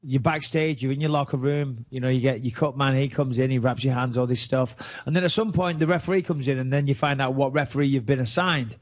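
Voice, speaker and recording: A man's voice: mid-range voice, brisk, hardly any pauses, lo-fi sound. A British man, a retired fighter, co-hosting a podcast with brash, profane, provocative joking. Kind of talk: casual podcast banter.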